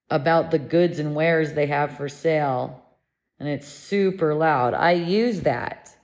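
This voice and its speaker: A woman giving a gentle, meditative spiritual lesson, speaking in a soothing, unhurried way. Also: low-pitched. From living in Mexico. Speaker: spiritual teacher.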